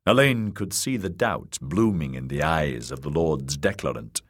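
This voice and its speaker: A man narrating a fantasy audiobook in an expressive storytelling way. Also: extremely low pitch, a little slow, hardly any pauses, husky.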